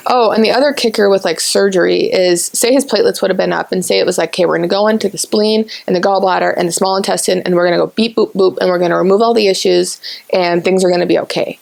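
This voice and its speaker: Gravelly-voiced woman chatting on a podcast. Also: mid-range voice, quick pace, darkish tone. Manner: talkative, rambling storyteller. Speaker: podcast host. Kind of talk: casual chat.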